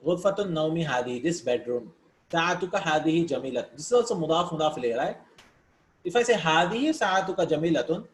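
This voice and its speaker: A man's voice: a little high, expressive, very fast. A man teaching an Arabic lesson, reading Arabic words and sentences, explaining them step by step in English and checking in with "right?". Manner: explains step by step, asks "right?" between points. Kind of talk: recorded language lesson. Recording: echoey room with faint background hiss.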